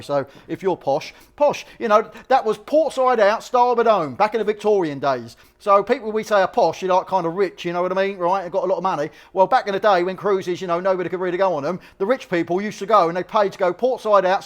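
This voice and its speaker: A man with a Cockney accent, an auctioneer chatting casually as he walks through the lots. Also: high voice. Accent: London Cockney. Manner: chatty, cheeky, full of slang asides. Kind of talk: casual walkthrough chat.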